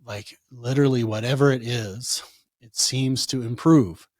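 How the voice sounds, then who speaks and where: A man, a chiropractor, answering interview questions in a conversational way, telling animated stories and acting out what his patients said. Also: medium pitch, unhurried, no echo, studio quality. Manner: animated storytelling, acts out quoted patients. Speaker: chiropractor guest.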